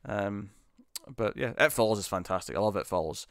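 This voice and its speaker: A man's voice: on the low side, lively intonation, brisk, gravelly, no room sound. A young man hosting a casual live stream, reading viewer comments aloud and answering them with frequent ums and laughs, into a studio mic with a pop shield. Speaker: host.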